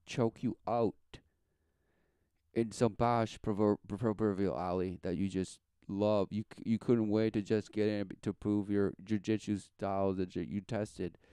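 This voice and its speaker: A man's voice: on the low side, dark tone, smooth, no echo, clean studio sound. A man giving a rambling, sarcastic, preachy commentary as he reacts to a podcast clip. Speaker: religious commentator.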